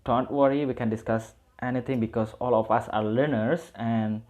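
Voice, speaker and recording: A man with an Indonesian accent teaching English word stress, switching between Indonesian and English and repeating example words slowly. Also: mid-range voice, fairly even intonation, darkish tone. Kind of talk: online lesson, mixing two languages.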